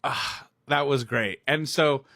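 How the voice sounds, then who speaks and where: A man's voice: medium pitch, takes it slowly, no room sound, studio quality. A young man ranting casually about a movie, rambling and laughing as he talks. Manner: excitable, rambling, laughs often. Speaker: movie reviewer. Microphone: recorded on phone or camera, self-filmed.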